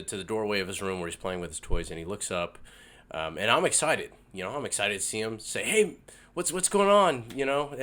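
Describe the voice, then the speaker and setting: Male host, 30s, lowish voice, wry and jokey, casual book talk. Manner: wry, joking asides. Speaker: book review show host. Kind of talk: casual book review monologue. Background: loud music.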